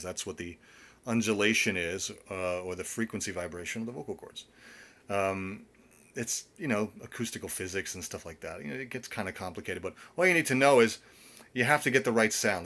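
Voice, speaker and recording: A man's voice: lowish voice, a bit bright. A middle-aged man, a vocal coach, chatting casually on a live stream from home, rambling with many fillers and restarts.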